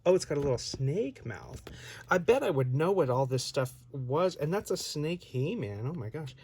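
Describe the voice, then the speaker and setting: A man's voice: a little high, big pitch swings, normal speed, a little mellow, husky. Rambling man unboxing a toy. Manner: rambling, chatty, self-interrupting. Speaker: toy reviewer. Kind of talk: casual unboxing chat.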